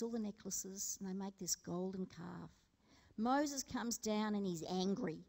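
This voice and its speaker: A woman preacher with a medium-pitched, creaky voice gives a conversational sermon in a large church hall. She tells stories and puts questions to the congregation.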